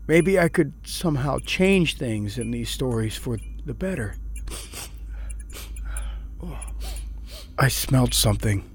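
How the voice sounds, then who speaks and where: An actor playing a troubled male prisoner who swings between angry outbursts and regretful narration, with a slightly husky voice. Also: medium pitch, expressive, normal speed, a little hiss or hum, close to an everyday voice. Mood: reflective. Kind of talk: audio drama with first-person narration.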